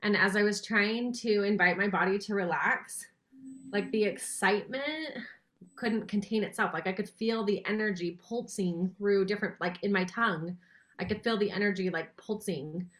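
A woman's voice: medium pitch, moderate pace, fairly bright tone. Chatty, enthusiastic woman in a group. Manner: chatty and enthusiastic, with many fillers. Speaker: participant in an online meditation group. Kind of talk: sharing a personal experience.

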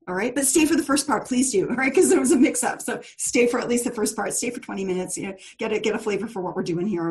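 A woman's voice: on the high side, a little mellow. A woman leads a live online class over a video call, chatty and encouraging. She laughs easily, leans on fillers and restarts, and keeps talking straight to her students. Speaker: course leader.

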